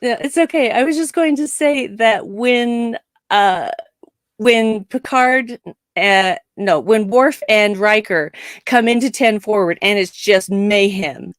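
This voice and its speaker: A woman co-hosting a casual live-stream chat, animated and laughing often. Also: mid-range voice, slow pace, no echo, studio quality. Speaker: co-host.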